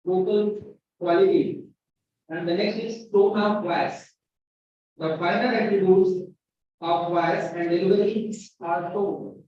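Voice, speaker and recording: High-voiced Indian man lecturing in echoey hall. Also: steady tone, a little hiss or hum. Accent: Indian English. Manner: slow, spells and repeats words for emphasis. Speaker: university lecturer. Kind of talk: classroom lecture. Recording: very echoey, distant, dull lo-fi sound.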